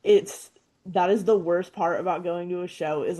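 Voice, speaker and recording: A woman's voice: lowish voice, fairly even intonation, normal speed, dark tone. A young woman, a podcast guest, chatting candidly and casually with many "like" fillers. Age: young adult. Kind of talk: casual interview chat.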